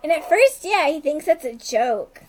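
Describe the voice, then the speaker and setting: A woman casually recapping a TV episode for a co-host, rambling along with lots of "like" and quick asides. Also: high-pitched, big pitch swings. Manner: rambling retelling, heavy use of "like", quick asides. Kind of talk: casual chat.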